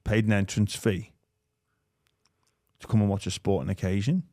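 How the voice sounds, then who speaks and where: Low-voiced Liverpool man telling stories. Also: normal speed, no room sound, studio quality. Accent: Liverpool English. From England. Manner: rambling, animated storytelling with acted-out quotes. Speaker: podcast host. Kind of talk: casual chat.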